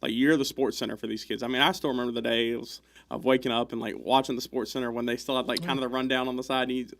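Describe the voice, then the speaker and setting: A man's voice: medium pitch, little pitch movement, quick pace, gravelly, fairly bright tone. A young man who works as a news anchor and reporter, chatting in an easygoing, enthusiastic way. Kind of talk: casual interview chat.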